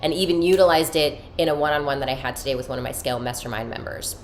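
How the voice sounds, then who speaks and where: A young woman hosting a podcast in a casual, animated style, swearing freely and using many fillers. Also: rumbling low, racing, a little hiss or hum. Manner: animated, chatty, profane, filler-heavy. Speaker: podcast host. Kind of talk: casual spiritual podcast chat.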